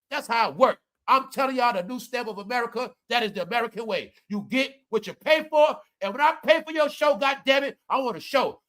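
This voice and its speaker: A man's voice: extremely high pitch, sharp tone. A man ranting comedically and profanely to his viewers, calling them y'all and preaching his point. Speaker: commentary vlogger.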